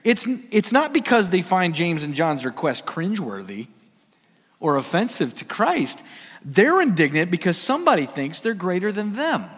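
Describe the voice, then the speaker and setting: A male pastor with a high voice preaches in a large church hall, and a long reverb trails each phrase. He swings from loud, punchy emphasis down to hushed near-whispers. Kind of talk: sermon.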